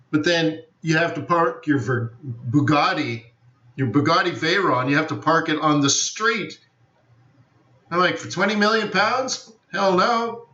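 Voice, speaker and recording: On his live forex trading stream, a man with a pushed, bright, slightly high voice chats loosely and rambles, repeatedly saying "I don't know." The recording is distant, roomy, dull, and lo-fi.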